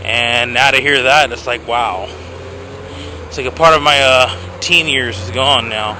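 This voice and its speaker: A man's voice: mid-range voice, a little slow, noisy background. A young man ranting to his camera outdoors, profane and agitated, filmed on a handheld phone. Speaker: vlogger. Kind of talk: casual rant to camera.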